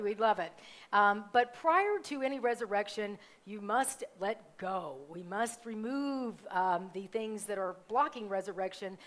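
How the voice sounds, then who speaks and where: Chatty woman minister making announcements. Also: medium pitch. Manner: chatty, warm asides, self-correcting, many ums. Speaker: minister giving church announcements. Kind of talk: live church announcements. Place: church sanctuary, live service.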